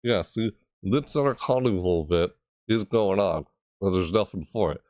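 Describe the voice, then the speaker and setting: A man's voice: low-pitched, lively intonation, moderate pace, darkish tone, no echo, studio quality. A man giving casual, rambling game commentary, thinking aloud and hesitating often. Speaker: gaming video creator.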